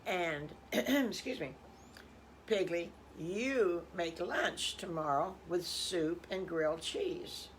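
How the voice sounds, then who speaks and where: An older woman reads as a kindly male farmer in a storybook. He hands out jobs in a slow, gentle, somewhat low voice. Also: a little hiss or hum. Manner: gently instructive. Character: kindly grown-up farmer, man, full of ideas.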